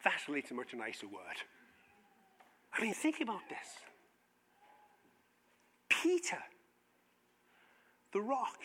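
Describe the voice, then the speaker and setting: A man with a strikingly high voice preaches to his church, retelling scripture in everyday slang and slipping into the voices of its characters. His tone is bright and ringing, and the sound lingers in a long hall reverb. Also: slow, long pauses, slightly rough. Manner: animated storytelling, acts out biblical voices in casual modern speech. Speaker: pastor. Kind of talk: sermon.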